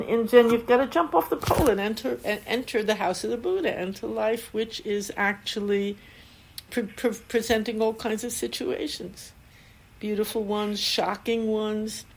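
A woman's voice: medium pitch, fairly even intonation, a little slow, vocal fry. An older woman, a Zen teacher, giving a dharma talk with anecdotes and frequent laughter. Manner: warm storytelling, laughs often.

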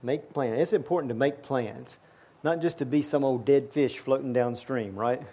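A man's voice: mid-range voice, moderate pace, warm tone, husky. A man preaching a sermon to his church, earnest and repeating words as he builds his points. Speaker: pastor.

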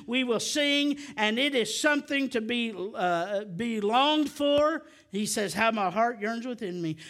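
Male preacher, middle-aged, bright and piercing, surging to near shouts then dropping low. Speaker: pastor. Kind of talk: sermon.

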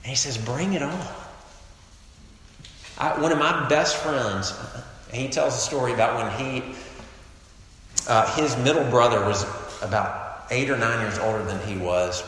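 A man preaching a sermon to a campus crowd, emphatic, swinging between loud declarations and hushed lines. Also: mid-range voice, moderate pace, a little hiss or hum. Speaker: pastor. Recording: echoey hall, long reverb.

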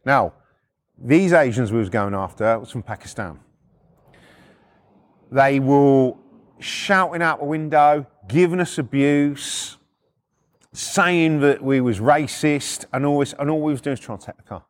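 A man's voice: a little slow, pauses often, dry recording, clean studio sound. A middle-aged man, telling stories in a blunt, swearing manner and acting out the quotes. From United Kingdom. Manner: blunt, swearing, acts out quotes with shifts in pitch. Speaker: podcast storyteller. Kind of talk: casual first-person storytelling.

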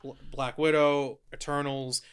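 A man's voice: mid-range voice, little pitch movement, unhurried, a bit bright, a little hiss or hum. A man hosting a casual podcast, chatty and upbeat, laughing often. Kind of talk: casual chat.

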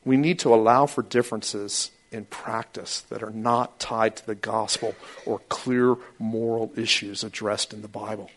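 A man preaching a sermon as pastor, talking animatedly and acting out quoted voices with sudden high outbursts. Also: fairly even intonation, unhurried, hardly any pauses.

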